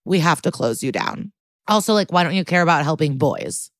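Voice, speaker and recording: A woman's voice: deep voice, animated, fairly quick, no room sound. Chatty woman recapping an episode. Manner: chatty, acts out quoted lines with mock voices. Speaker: podcast co-host.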